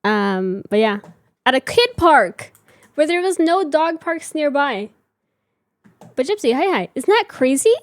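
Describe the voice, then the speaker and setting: A woman in her thirties with a high voice chats casually with her viewers. She is giggly and talkative. The sound is dry and close, with no room echo. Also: very animated, measured pace, pauses often. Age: 30s. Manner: chatty, giggly, reads chat aloud. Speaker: livestream host. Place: home room with reading chair.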